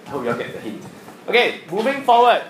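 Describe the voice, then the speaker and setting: Animated male teacher in an echoey classroom. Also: sits high, fast talker, noisy background. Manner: animated, teasing, asks the class questions. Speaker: science teacher. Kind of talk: classroom lesson.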